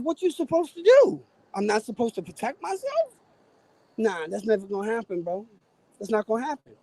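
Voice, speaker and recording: A man, swearing and acting out the voices in a story as a guest on a live stream. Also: sits high. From New York. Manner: profane, animated storyteller who acts out quotes. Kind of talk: casual storytelling chat. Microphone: remote stream call.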